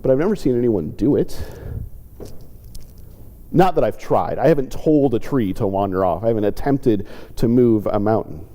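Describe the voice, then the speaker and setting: A man's voice: lively intonation, normal speed, dark tone. Man preaching in a reverberant church. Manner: reflective, acts out quoted pleas with lifted pitch. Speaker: pastor. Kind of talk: sermon. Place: church sanctuary. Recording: church sanctuary with long reverb.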